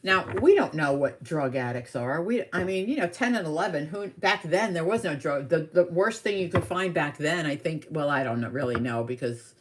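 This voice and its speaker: A middle-aged woman with a low voice chats her way through a live tarot reading, drifting into animated stories with asides. The recording is noisy. Cards shuffle and click behind her. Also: normal speed, few pauses. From New York area. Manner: animated, rambling storyteller with asides. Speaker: tarot reader.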